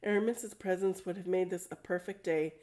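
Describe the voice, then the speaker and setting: Mellow-voiced woman reading a storybook aloud. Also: on the low side, fairly quick. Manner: plain, steady reading with small self-corrections. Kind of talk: storybook read-aloud narration.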